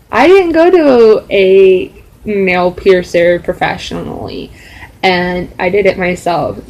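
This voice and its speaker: A woman's voice: fairly low pitch, gravelly, darkish tone, a little hiss or hum, poor audio. A young adult woman telling a story in a casual, rambling vlog style, full of fillers. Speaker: vlogger.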